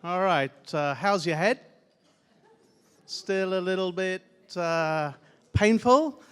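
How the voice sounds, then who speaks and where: A man giving a conference keynote, loudly and playfully coaxing the audience through a laughter exercise. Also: high voice, slow pace. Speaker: keynote speaker. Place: conference hall.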